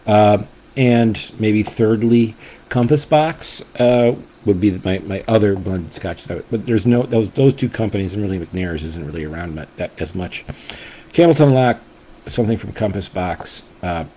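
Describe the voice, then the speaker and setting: A man's voice: fairly low pitch, moderate pace, warm tone, a little hiss or hum, low-quality recording. A man hosting a casual whisky tasting review, talking enthusiastically and rambling, often restarting his sentences. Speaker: whisky reviewer and channel host.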